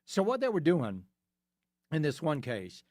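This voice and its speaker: A man's voice: fairly high pitch, wildly swooping pitch, unhurried, darkish tone, dry recording. A man hosting a talk radio show, delivering an opinionated monologue in a studio, emphatic and full of rhetorical questions that he answers himself.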